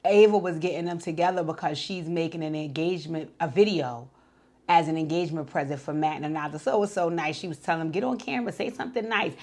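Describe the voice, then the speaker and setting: A woman's voice: low voice, fast talker. A woman giving a casual, chatty recap of a reality show, retelling scenes and acting out what people said. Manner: chatty, animated retelling with acted-out quotes. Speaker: TV show reviewer.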